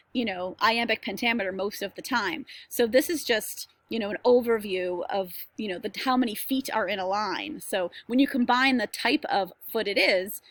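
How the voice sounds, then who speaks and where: A woman's voice: mid-range voice, a bit bright, no room sound. A woman teacher giving a recorded lesson over screen share, chatty and reassuring with many fillers.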